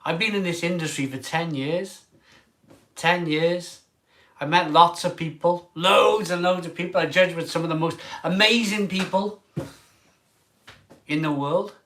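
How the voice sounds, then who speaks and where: A man in an emotional vlog monologue as a craft beer reviewer. He sounds tearful and halting, and often trails off mid-sentence. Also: on the high side, fairly bright tone.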